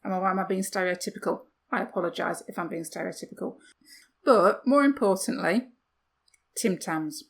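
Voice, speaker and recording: A woman's voice: on the low side, moderate pace, creaky, breathy edge. A woman co-hosting a podcast, chatting casually with self-deprecating asides and rhetorical questions. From United Kingdom. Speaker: podcast co-host. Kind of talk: casual chat.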